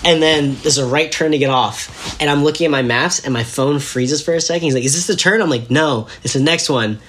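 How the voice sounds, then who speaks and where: A young man telling a story casually as a podcast guest, animated and laughing as he acts out what people said. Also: a little high, a little fast, slight background noise.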